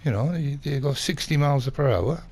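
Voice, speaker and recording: A man's voice: mid-range voice, a little fast, a little mellow, slightly rough, voice pushed up. A man voicing a pushy male vehicle dealer with a German accent, insistent and dismissive.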